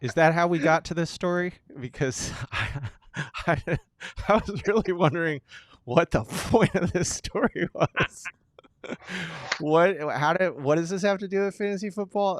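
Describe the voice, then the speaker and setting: Smooth, dry-voiced man co-hosting. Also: a little high, moderate pace, dry recording. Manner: dry, teasing, steers the talk. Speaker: podcast co-host. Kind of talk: casual sports chat.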